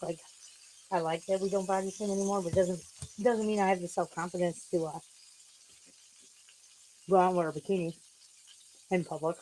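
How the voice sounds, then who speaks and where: A woman's voice: lowish voice, darkish tone, slight background noise, poor audio. Chatty Gen X woman streaming. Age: 40s or 50s. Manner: chatty, swears a lot, scolds her cats fondly. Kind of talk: casual livestream chat.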